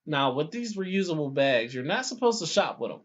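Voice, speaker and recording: A man in his thirties casually telling a long story on a podcast, animated, with many restarts and acted-out quotes. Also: fairly high pitch, normal speed. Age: 30s. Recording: dull lo-fi podcast audio.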